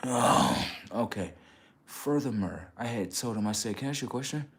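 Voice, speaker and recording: A man on a casual livestream, rambling in slangy street talk and checking in with his viewers, getting loud and high when worked up. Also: lively intonation, moderate pace. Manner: rambling, repeats "okay" and "right" to the audience. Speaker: livestream host.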